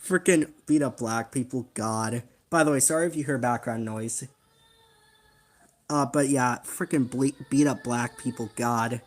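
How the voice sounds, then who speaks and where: A man's voice: medium pitch, unhurried. Rambling man reacting to his old film. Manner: rambling, laughing at himself, slangy. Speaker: channel host reacting to his old video. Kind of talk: casual reaction commentary.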